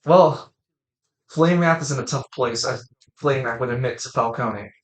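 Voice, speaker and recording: A man's voice: medium pitch, moderate pace. Rambling man narrating a tabletop game. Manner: rambling, self-correcting narration with fillers. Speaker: game master. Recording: echoey room.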